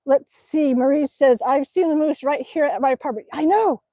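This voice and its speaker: A woman from Alaska hosting a casual livestream, reading chat aloud, laughing often and cooing softly to her dog. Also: high voice, moderate pace, dry recording.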